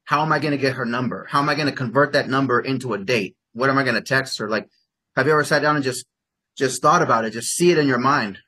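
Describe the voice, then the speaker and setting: Husky, bright-toned male dating coach. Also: quick pace. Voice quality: animated, rambling, peppered with "like". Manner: acts out example lines in bursts of higher pitch. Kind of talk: casual coaching session.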